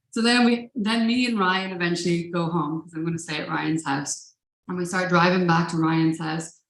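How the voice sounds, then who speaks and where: A woman's voice: fairly low pitch, steady tone, measured pace. Woman telling a story live, roomy echo. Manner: casual, profane, laughing. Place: live event space.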